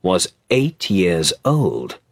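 A man narrating a storybook slowly and clearly, as if for language learners. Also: deep voice, wildly swooping pitch, no echo, studio quality. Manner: slow, clear reading for learners. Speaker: audiobook narrator.

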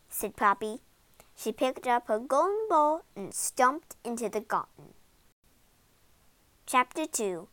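A young reader with a high, lively voice reads a children's storybook aloud slowly and expressively. She gives each character a voice. The recording is close and dry. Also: dry recording.

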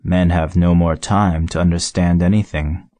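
A man voicing a wise, lonely male fox in an audiobook, explaining things gently and in measured phrases. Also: sits low, steady tone, no room sound, natural voice. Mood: musing. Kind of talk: audiobook character reading.

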